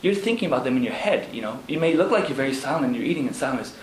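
Halting man in an echoey room. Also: medium pitch, expressive. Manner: halting, many fillers, laughs while telling stories. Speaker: Zen monk. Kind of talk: casual talk about monastery life. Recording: echoey room with background noise.

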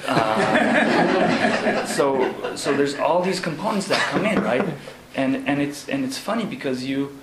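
A man, a Zen monk, talking casually about monastery life, halting with fillers and laughing as he tells stories. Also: fairly high pitch, lively intonation, a crowd in the background. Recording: echoey room with background noise.

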